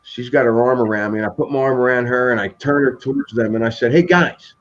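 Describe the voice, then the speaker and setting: A man hosting a live stream and telling a long story in casual chat, rambling and animated, with frequent restarts. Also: medium pitch, fast talker, muffled recording.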